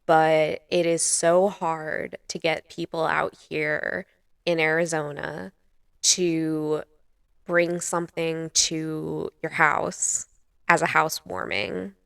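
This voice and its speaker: A woman's voice: low voice, level tone, slow, vocal fry, fairly bright tone, smooth, no echo, studio quality. A woman hosting her own vlog, chatting casually to camera with frequent ums and laughs. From US East Coast. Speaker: vlog host. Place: home in Arizona.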